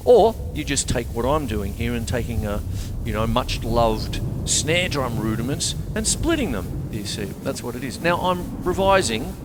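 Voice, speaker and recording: A man's voice: medium pitch, big pitch swings, measured pace, big-room sound, background noise. An Australian man giving a casual drum lesson, chatty and rambling, cracking jokes and saying "you see" a lot. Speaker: drum teacher. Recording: drum kit playing behind the voice.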